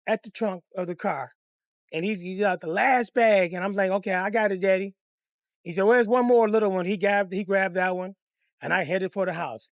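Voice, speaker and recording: A man telling a comic personal story in a profane, animated, conversational way. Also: high-pitched, no room sound, clean studio sound.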